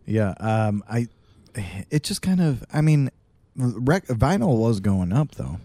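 A man's voice: mid-range voice, big pitch swings, takes it slowly, mellow, no echo. Podcast guy chatting loose, dry close sound, lotta restarts. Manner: rambling, self-correcting, loose. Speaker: podcast co-host. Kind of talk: casual chat.

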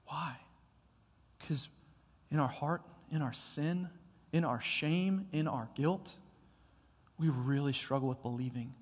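A man preaching a sermon, telling a story that swells to loud bursts and falls back to quiet, slow emphasis. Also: on the high side, breathy edge. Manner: storytelling, builds to loud excited bursts then drops quiet. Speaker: pastor. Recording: long hall reverb.

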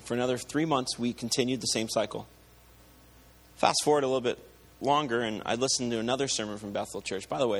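A man giving a lively testimony from the front of a church service, telling a story with rising excitement. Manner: animated storytelling, growing louder and higher as excitement builds. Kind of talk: live testimony sermon.

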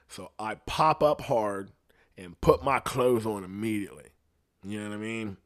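A young man, a guest, telling a story in casual, profane talk and dropping to low tones for tension. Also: normal speed.

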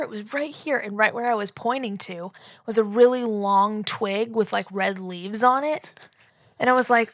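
A woman's voice: mid-range voice, moderate pace, dry recording, studio quality. A young woman co-hosting a casual podcast, telling a story about herself in a self-mocking, giggly way. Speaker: podcast co-host. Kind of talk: casual chat.

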